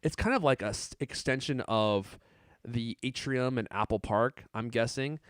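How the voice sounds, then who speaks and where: A man's voice: medium pitch, moderate pace, a bit bright, clear, resonant tone, no echo, clean studio sound. A man co-hosting a tech podcast in casual chat, joking and rambling, laughing often. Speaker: podcast co-host.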